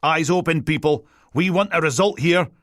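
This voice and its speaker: A man's voice: fairly high pitch, normal speed, a bit bright, no echo, clean studio sound, voice pushed up, lightly acted. A man voicing a police commander barking orders over a radio. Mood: commanding.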